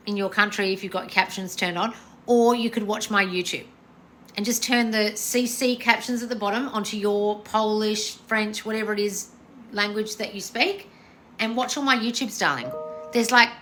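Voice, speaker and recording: Blunt, sweary woman, bright-voiced. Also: mid-range voice, slight background noise. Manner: blunt, sweary, calls viewers darling. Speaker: host answering viewer questions on a live stream. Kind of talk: casual live Q&A chat.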